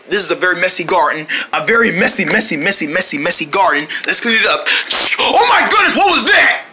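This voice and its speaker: Bright, squealing skit performer. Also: mid-range voice, slight background noise. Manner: excitable, shouts and squeals often. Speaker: skit performer voicing several characters. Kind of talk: playful comedy skit with character voices.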